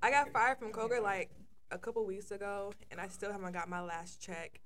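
A woman's voice: medium pitch, steady tone, a little fast, slight background noise. A young woman chatting casually among friends, shy and giggly, with "bro" and "like" in her speech. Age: young adult. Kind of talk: casual chat.

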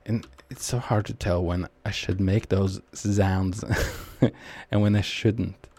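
A man's voice: low-pitched, steady tone, slow pace, warm tone, no echo. A young man with a Norwegian accent giving casual, rambling, self-mocking commentary while he plays a shooter. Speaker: gamer commenting on his match.

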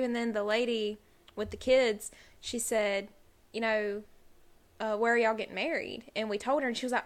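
A woman's voice: on the high side, fairly even intonation, moderate pace. A young woman, co-hosting a casual podcast and telling rambling stories full of "like". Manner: rambling storyteller, heavy use of "like". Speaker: podcast co-host.

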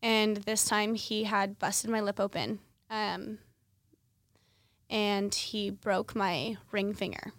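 A woman's voice: medium pitch, level tone, takes it slowly, no room sound, clean studio sound. A young woman in her twenties hosting a podcast, telling a personal story in a candid, conversational way with lots of fillers. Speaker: podcast host.

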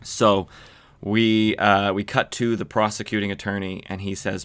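A man's voice: on the low side, little pitch movement, normal speed, fairly bright tone, clear, resonant tone. A man hosting a podcast, casually recapping a comic book with lots of fillers and self-corrections. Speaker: podcast host.

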